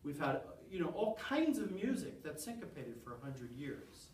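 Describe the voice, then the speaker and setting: A man's voice: a little high, big pitch swings, moderate pace, a little mellow, far from the mic, a little hiss or hum. A man lecturing a college class on rhythm, counting beats aloud and quizzing his students. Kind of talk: classroom lecture with clapping exercises. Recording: roomy classroom sound from off-mic.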